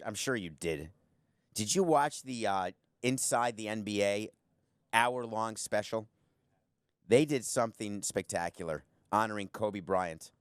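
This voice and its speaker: A man's voice: fairly low pitch, clear, resonant tone, dry recording. A middle-aged man hosting a sports talk show from a studio, giving combative opinions and teasing his producer. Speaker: sports podcast host. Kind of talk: opinionated sports commentary monologue.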